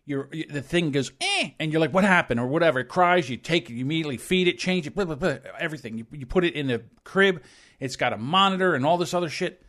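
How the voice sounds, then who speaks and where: A man's voice: fairly high pitch, fast talker. A middle-aged man co-hosting a podcast, telling stories in casual chat and acting out the voices of people he quotes. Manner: animated storytelling, acts out quoted voices. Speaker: podcast co-host. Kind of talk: casual opinion talk.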